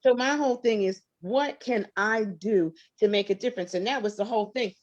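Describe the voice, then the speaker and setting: Animated, expressive woman singer. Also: medium pitch, brisk, lo-fi sound. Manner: expressive, emphatic, laughs often. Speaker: guest singer. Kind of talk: animated interview storytelling.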